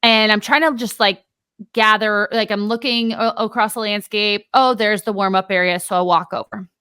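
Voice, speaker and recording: A woman co-hosting a podcast, telling a story in a lively, casual way and acting out both sides of an argument. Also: mid-range voice, moderate pace, clean tone, dry recording. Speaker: podcast co-host.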